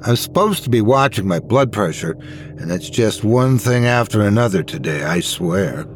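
A man voicing a gruff, harried middle-aged police chief who barks his lines in exasperation. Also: fairly low pitch, animated, moderate pace, a little hiss or hum, lightly acted. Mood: exasperated. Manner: barking, exasperated.

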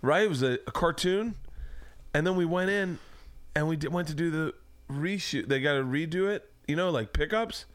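A man's voice: fairly high pitch, moderate pace, no room sound. A man hosting a podcast, chatting casually and telling stories, swearing freely and laughing as he talks. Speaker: podcast host. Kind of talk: casual chat, storytelling. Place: home man cave.

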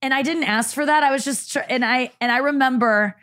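A woman's voice: sits high, a little fast, a bit bright. A young woman comedian, a guest on a podcast, chatting candidly and laughing often. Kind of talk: casual chat.

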